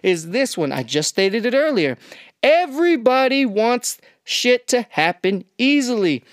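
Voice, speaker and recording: A woman's voice: fairly high pitch, very animated, unhurried, dry recording, studio quality. A woman hosting a podcast, ranting bluntly with heavy swearing and exasperation. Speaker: podcast host. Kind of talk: ranting monologue.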